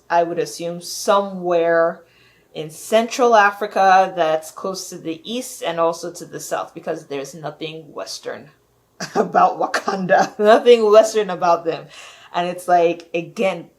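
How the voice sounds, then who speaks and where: Woman venting on her vlog, kinda low voice, rambly, says like a lot, clearly fed up. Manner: exasperated, rambling, heavy use of "like". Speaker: vlogger. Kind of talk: casual rant to camera.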